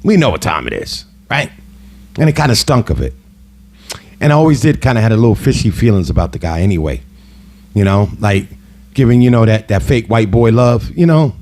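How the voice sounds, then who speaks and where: A man's voice: lowish voice, very animated, brisk, a little mellow. A middle-aged man telling a personal story in a casual, heated monologue, with frequent "you know" asides. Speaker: host.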